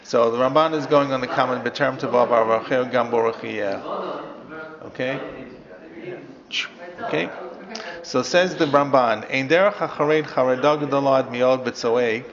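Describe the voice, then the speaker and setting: A man's voice: mid-range voice, moderate pace. A man teaching a text class as a rabbi, reading Hebrew lines and then explaining them step by step to his students. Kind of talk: classroom Torah lesson. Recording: dull lo-fi audio with class chatter.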